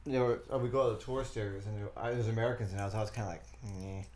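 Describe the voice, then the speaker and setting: A man's voice: on the low side, steady tone, rapid-fire, darkish tone, a little hiss or hum. A young man co-hosting a comedy show, casually telling rambling stories in easy banter. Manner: laid-back, rambling storyteller. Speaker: comedy podcast co-host.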